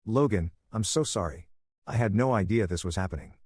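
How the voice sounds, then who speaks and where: Brief: man voicing a firm, angry dad, low voice, dry close sound. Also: fairly quick, breathy edge, no echo. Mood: stern, angry. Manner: presses with sharp questions. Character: stern middle-aged father, angry and firm.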